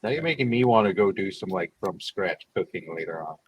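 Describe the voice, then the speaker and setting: A man's voice: low voice, lively intonation, fairly quick, slight background noise. Joking man co-hosting a stream. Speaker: podcast co-host and writer. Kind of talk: casual chat on a livestream.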